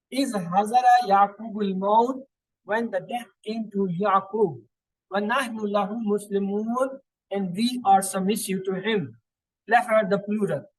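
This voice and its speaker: Deliberate male Arabic grammar teacher, dry sound. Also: high-pitched, no echo, low-quality recording. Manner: slow, deliberate explanation with repeated terms and some hesitations. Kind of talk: recorded Quran grammar lesson.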